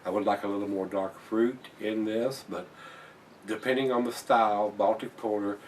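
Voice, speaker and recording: Blunt beer review guy, lowish voice, sits back a bit from the mic, faint hiss behind. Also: fairly even intonation, moderate pace, darkish tone, distant mic. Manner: blunt, swears when annoyed, repeats himself. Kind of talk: casual beer review vlog.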